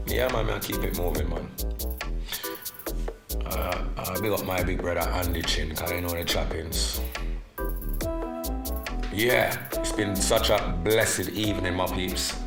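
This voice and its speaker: A fairly low-voiced man, hosting a live podcast and teasing his callers. He sounds animated and laughs easily. His voice rings in an echoey room, with faint music underneath. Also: gravelly. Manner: animated, teasing, laughs often, drops into patois. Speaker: podcast host.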